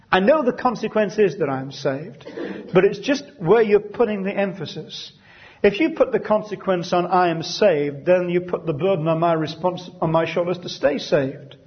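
A man teaches a Bible study group in a husky, somewhat high voice. He reads scripture slowly and weightily, then explains it in an easy conversational way. The recording is dull and lo-fi.

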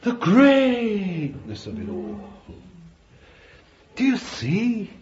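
An English preacher delivers a fervent sermon at an unhurried pace. His voice climbs high in bursts of exhortation, then drops to quiet, confiding asides. The recording is dull and lo-fi, with faint hiss underneath. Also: wildly swooping pitch. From England.

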